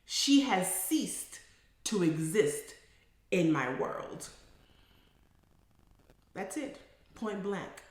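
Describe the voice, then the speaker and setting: Animated middle-aged woman in an echoey room. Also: mid-range voice, drawn-out words, long pauses. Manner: emphatic, animated, builds to forceful declarations. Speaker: psychotherapist. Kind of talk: casual monologue storytelling.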